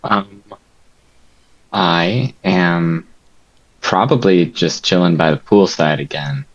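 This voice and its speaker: A man's voice: deep voice, slow pace, vocal fry, muffled recording. A man playing a tabletop game, describing his character's thoughts hesitantly, searching for words. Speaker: player.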